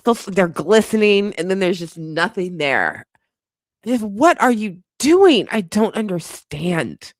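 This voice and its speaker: Woman streamer laughing a lot, bouncy pitch, dry close mic. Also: big pitch swings, measured pace, no echo. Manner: laughs often, exasperated and playful. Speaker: live-stream host. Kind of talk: casual live-stream reaction chat.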